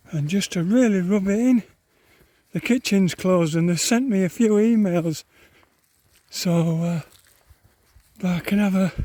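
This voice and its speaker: Breathless man grumbling on a slow hike. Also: a little high, warm tone, dry recording. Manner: rambling, muttering to himself, grumbling at the hills. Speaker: hiker vlogger. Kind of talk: walking vlog commentary. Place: outdoors on open moorland.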